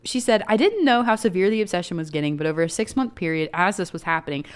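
A woman's voice: fairly low pitch, lively intonation, fast talker, clean tone. A young woman co-hosting a casual podcast, reading listener stories aloud in a chatty, giggly way. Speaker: podcast co-host.

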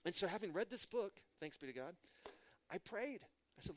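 A middle-aged man from Texas, preaching a sermon as a pastor and telling stories with animated rhetorical questions. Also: high-pitched, moderate pace, slight background noise. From Midland, Texas.

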